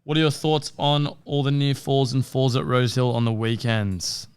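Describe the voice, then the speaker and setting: A man's voice: medium pitch, level tone, normal speed, clear, resonant tone. A man co-hosting a casual racing podcast, laid-back and blunt, swearing and teasing his co-host. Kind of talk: casual racing tips chat.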